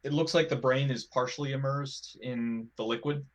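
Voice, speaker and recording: A man's voice: medium pitch, fairly even intonation, normal speed. A man playing a tabletop game, joking wryly and swearing casually. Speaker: player.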